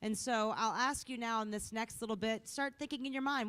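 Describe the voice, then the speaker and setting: A woman's voice: on the high side, fairly quick, clean tone. A woman hosting a conference on stage, bubbly and playful, speaking into a microphone. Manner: bubbly and playful, lively delivery. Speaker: event emcee. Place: conference hall.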